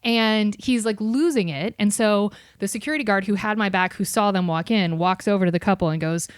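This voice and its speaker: A woman guest on a podcast, telling a story with animated, profane delivery and acted-out voices. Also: mid-range voice, a little fast, hardly any pauses, dry recording. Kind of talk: casual storytelling chat.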